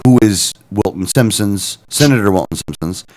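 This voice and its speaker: A man co-hosting a radio talk show, telling a story in a casual, animated way, acting out both sides of a phone call. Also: lowish voice, moderate pace. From Florida. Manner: animated, retelling phone calls with quoted dialogue and self-corrections.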